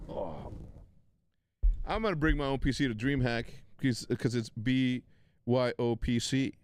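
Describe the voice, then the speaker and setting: Man in his forties, Spanish first language, streaming a watch party. Easygoing, joking talk, unhurried delivery, close dry mic. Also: medium pitch, no room sound. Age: 40s. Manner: loose, joking, excitable banter with chat. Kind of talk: casual live-stream chat.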